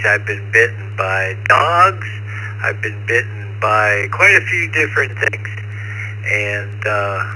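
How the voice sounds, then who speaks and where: A man's voice: mid-range voice, bright, forceful tone, low-quality recording. A man calling into an amateur radio net, answering in an easygoing, storytelling way. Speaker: net caller.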